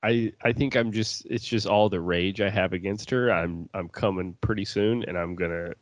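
Low-voiced male podcast co-host, laughy and crude, dry close sound. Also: moderate pace, dry recording. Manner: laughs often, stammering restarts, swears. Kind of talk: casual crude chat.

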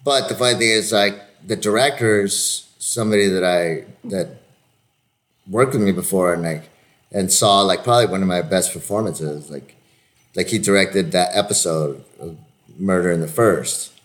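A man's voice: low voice, normal speed. A man in his fifties, an actor hosting a casual chat, telling stories with lots of swearing and filler words. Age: 50s. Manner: animated storytelling, heavy swearing and filler words. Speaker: actor and podcast host.

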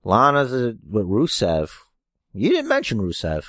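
A male podcast co-host in loose, joking chat, swearing freely, with a lively voice that rises and falls a great deal. The recording is dry and close. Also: on the low side, a little slow, no room sound. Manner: joking, profane, animated. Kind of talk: casual chat.

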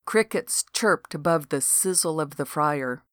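A woman narrating a novel in a steady, measured storytelling manner. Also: sits low, very noisy. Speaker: audiobook narrator. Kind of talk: novel reading.

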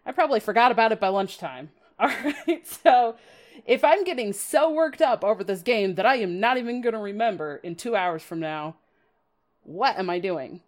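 A woman's voice: mid-range voice, lively intonation, normal speed. Woman podcaster, chatty and giggly, acts out her own freakouts. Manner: chatty, self-deprecating, laughs often, dramatic quoted asides. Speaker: podcast host. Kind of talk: casual podcast talk about card game strategy.

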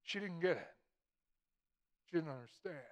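A man preaching with a notably high-pitched voice. He is a middle-aged pastor who delivers his sermon emphatically, circling back over key phrases to drive them home. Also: animated, moderate pace, lo-fi sound.

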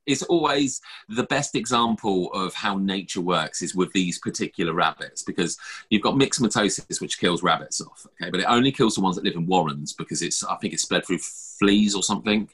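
A man's voice: sits low, a little fast, fairly bright tone, husky. A man hosting a podcast, chatting casually and rambling with lots of fillers and restarts. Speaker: podcast host. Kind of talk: casual chat.

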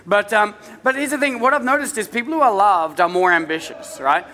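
A middle-aged man preaching in a church, his voice high and bright, with a long reverb from the large hall around him. He talks to the congregation in a loose, conversational way and drops in humorous stories about his family. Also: a little fast. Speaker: pastor. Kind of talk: sermon.

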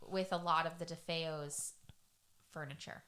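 A woman's voice: low voice, fairly even intonation, unhurried, a bit bright. A young woman co-hosting a true-crime podcast, chatty and loose, with many fillers. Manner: chatty, lots of fillers and laughs. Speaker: podcast co-host. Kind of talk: casual true-crime chat.

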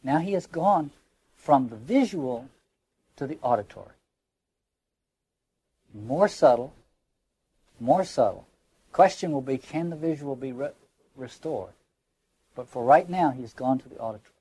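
A man's voice: medium pitch, lively intonation, measured pace, long pauses, mellow, breathy edge. A man lecturing on literature, reflective, often restarting words as he searches for phrasing and reading quoted lines aloud with emphasis.

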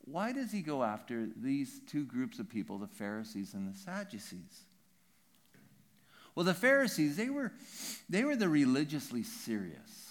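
A man preaching a sermon as pastor, emphatic and animated, often checking in with the congregation with quick "right?" asides. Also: medium pitch.

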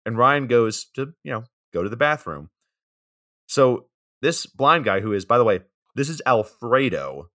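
A man's voice: medium pitch, big pitch swings, a little slow, sharp tone. A young man co-hosting a podcast, recapping a movie's plot in a laid-back way with fillers and side comments.

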